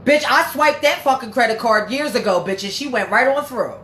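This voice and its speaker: Brief: woman host, heated and profane, slightly high voice, echoey room with light background noise. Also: fairly quick, a bit bright. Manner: blunt and profane, heated and emphatic. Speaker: livestream host reading viewer comments. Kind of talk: casual livestream talk.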